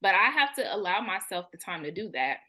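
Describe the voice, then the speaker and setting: With big swings in her medium-pitched voice, a woman in her thirties recounts her own experiences openly and casually; she's a therapist and spiritual coach. She talks a little fast in a pushed, bright tone, acting out the thoughts she quotes.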